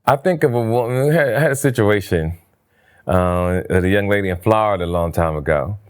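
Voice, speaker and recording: A man from New Jersey telling stories in a casual interview, his voice jumping up high when he acts out what people said. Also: a little fast. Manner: animated storyteller, voice jumps high for quoted lines. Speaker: interview guest, comedian.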